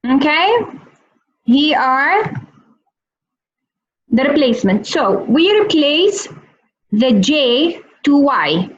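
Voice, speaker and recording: High-pitched lady teaching over a video call, super slow and patient, kinda muffled audio. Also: very animated. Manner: slow, repeats words for learners. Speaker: Arabic teacher. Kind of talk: online language lesson.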